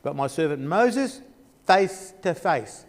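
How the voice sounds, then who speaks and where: A stern, authoritative god speaks in slow, weighty phrases, as a teacher voices him. His delivery is emphatic and unhurried. A long church-hall reverb surrounds the voice. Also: a little high, expressive. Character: stern, authoritative male deity.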